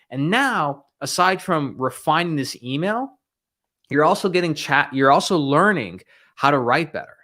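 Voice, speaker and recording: A man's voice: a little high, lively intonation, normal speed, bright, forceful tone. A man hosting a live stream as a sales coach, talking in a blunt, emphatic, scolding way from a room lined with bookshelves. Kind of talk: motivational live-stream talk. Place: room with bookshelves behind him.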